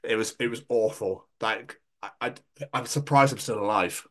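Male podcast host; casual, profane, lively anecdotes. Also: on the low side, moderate pace. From Scotland. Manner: sweary, animated storytelling.

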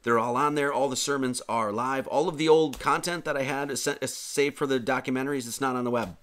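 A man's voice: mid-range voice, fairly even intonation, a little fast, a bit bright. Man giving rambling, joking sermon announcements. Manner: rambling and joking, many fillers and restarts. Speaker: pastor and show host. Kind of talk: casual closing announcements of an online sermon.

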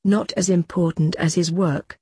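A woman reads a fussy pen-pusher of a man who sniffs at anything but office work, in a storybook tale. The voice is dark and low, and it stays dry and close. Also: steady tone, unhurried, husky, no room sound.

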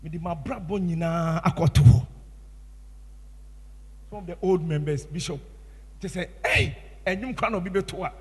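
A man with a Ghanaian English accent preaching a sermon as pastor, impassioned, swinging from hushed tones to shouts. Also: high voice, normal speed, pauses often, breathy edge, in a large hall.

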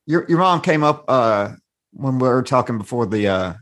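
A man from Arkansas hosting a podcast, asking easygoing, halting questions in casual interview chat. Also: mid-range voice, lively intonation, a bit bright. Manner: easygoing, laughs along, halting with fillers. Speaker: podcast host.

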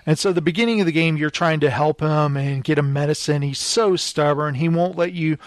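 Talking fairly quickly, the man spins a long, lively story in casual chat, raising his slightly high voice to play the characters and laughing throughout. The recording is studio quality, with no room sound.

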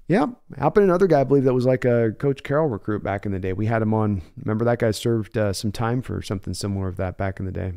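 A man hosting a casual live stream, reading viewer messages aloud and thinking out loud with frequent restarts. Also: on the low side, fast talker, vocal fry, smooth. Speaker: host of a fan sports livestream.

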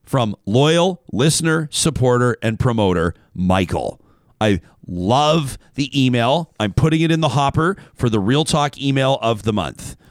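A man's voice: mid-range voice, animated, a little slow, dry recording, clean studio sound. Chatty male talk show host. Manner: chatty, wanders off on tangents. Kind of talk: casual talk show reading listener email.

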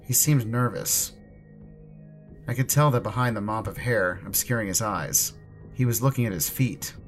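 A low-pitched man reads a horror story in the first person. His delivery is measured and ominous, with faint music underneath. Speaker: narrator. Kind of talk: scripted horror narration.

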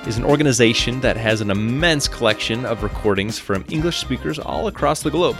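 A man with a general American accent narrates his podcast from a script. He is conversational and slips in wry asides as he goes. His speech sits at a middle pitch, and clear music plays underneath. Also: lively intonation, a little fast. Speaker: podcast host.

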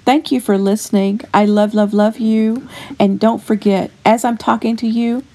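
A woman's voice: a little high, steady tone, moderate pace, dark tone. A woman in her fifties hosting a casual Christian devotional talk in an earnest, homey way, with many fillers and restarts. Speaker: Christian devotional podcast host. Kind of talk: casual faith encouragement talk.

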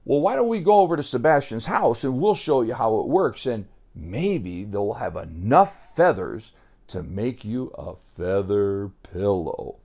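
A cheerful bearded lumberjack from a children's storybook, hearty and folksy, with a slow, easygoing delivery. A man acts him out, pitching his voice a little above his usual tone. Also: very animated, darkish tone, full character voice. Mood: friendly. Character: cheerful bearded male woodsman.

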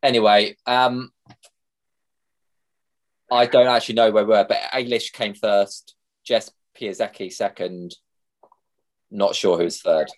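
Chatty man, low-pitched voice. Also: steady tone, unhurried, pauses often. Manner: chatty, rambling with fillers. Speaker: podcast co-host. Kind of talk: casual chat.

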